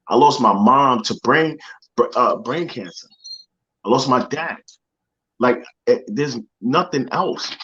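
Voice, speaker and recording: A man's voice: a little high, fairly bright tone, highs cut off. Earnest man telling a personal story. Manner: earnest, repeats phrases while searching for words. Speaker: motivational speaker guest.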